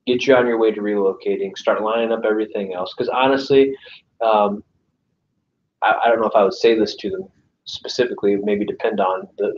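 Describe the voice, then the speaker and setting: Speaking in a fairly low voice, a sales trainer gives a chatty training session to a live audience in a meeting room, repeatedly checking in with "right?" and role-playing calls with clients. The recording is echoey, distant, and dull, with a little hiss or hum.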